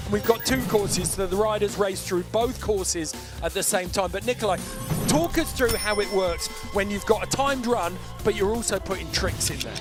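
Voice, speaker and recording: A man commentating live at a bike event, brisk and explanatory with a joking edge. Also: sits high.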